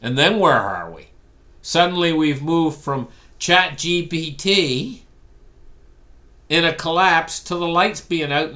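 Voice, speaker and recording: A man delivering an animated, sarcastic ranting monologue with stories. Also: fairly high pitch. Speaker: commentator.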